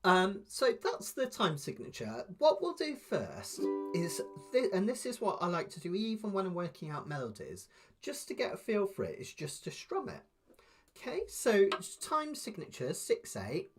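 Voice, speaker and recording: A man teaching a live online ukulele lesson, patiently explaining step by step and counting beats aloud softly. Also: high-pitched, huge pitch swings, unhurried, loud music behind the voice.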